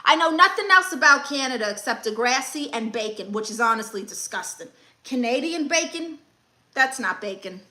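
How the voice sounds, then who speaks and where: A woman's voice: high voice, animated, moderate pace, sharp tone. Sassy woman doing a live Q&A. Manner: blunt, sassy advice-giving. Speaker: comedian hosting a live Q&A. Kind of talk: live-stream chat reading comments.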